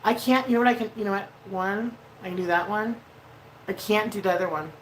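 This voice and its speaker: A woman's voice: mid-range voice, a little fast, slight background noise, rough recording. A woman hosting a casual makeup livestream, chatty and freely swearing as she reads out viewer messages. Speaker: livestream host doing makeup.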